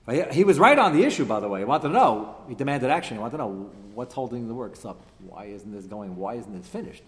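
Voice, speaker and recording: A man leads a text class with animated, emphatic delivery, often turning ideas into rhetorical questions for his students. His voice sits at a middling pitch. The room rings with a long reverberant tail. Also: quick pace. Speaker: teacher leading a text class. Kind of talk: classroom lecture with discussion.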